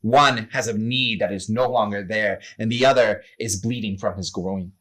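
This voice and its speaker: A man narrating a tabletop game as game master, running the scene with quick asides. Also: fairly low pitch. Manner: lively, laughing narration with quick voiced asides.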